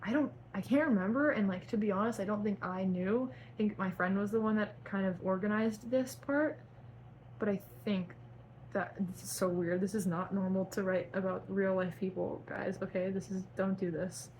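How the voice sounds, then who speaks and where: A woman's voice: mid-range voice, moderate pace, darkish tone, poor audio. Young woman, dramatic fan fiction reading, self-mocking asides, faint hiss. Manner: melodramatic, breaks off to laugh and cringe at her own writing. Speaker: YouTuber reading her own fan fiction.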